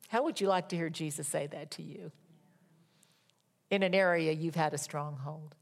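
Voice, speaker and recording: A woman preaching a sermon and reading scripture dramatically, swinging from loud emphatic peaks down to hushed whispers. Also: low voice, moderate pace.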